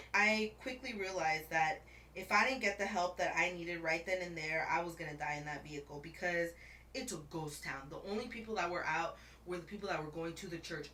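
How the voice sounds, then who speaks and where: A woman's voice: lowish voice, sharp tone, reverberant, recorded from a distance, slight background noise. A woman vlogger telling a dramatic story in a casual chat, laughing often and calling the viewer bestie while she paints her nails.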